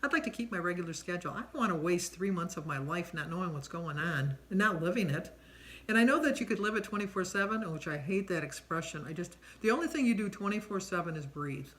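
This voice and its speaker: A woman's voice: fairly low pitch, lively intonation, quick pace, fairly bright tone. A middle-aged woman chatting casually on camera while answering a tag questionnaire, rambling with lots of ums. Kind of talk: casual chat.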